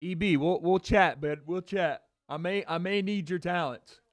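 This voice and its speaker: A man with a high-sitting voice talks at normal speed, with no echo. Hosting a casual livestream, he reacts to fight chat by chatting loosely and directly with viewers, joking and repeating himself.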